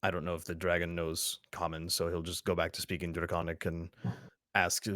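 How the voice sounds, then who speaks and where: Man, tabletop player, very low voice, dry sound, casual, wry. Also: steady tone, a little fast, fairly bright tone, no room sound. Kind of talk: in-character tabletop play.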